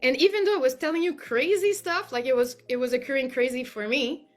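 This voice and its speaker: Earnest woman with a high-pitched voice. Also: brisk, faint music behind. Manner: earnest and effusive, many "like" fillers. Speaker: client giving a testimonial. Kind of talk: heartfelt spoken testimonial.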